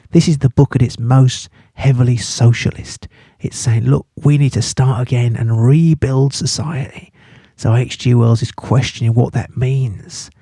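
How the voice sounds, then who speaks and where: A man's voice: medium pitch, warm tone, no room sound. A man teaching a casual study-guide lesson, chatty and playful, with jokey asides. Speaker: English literature teacher.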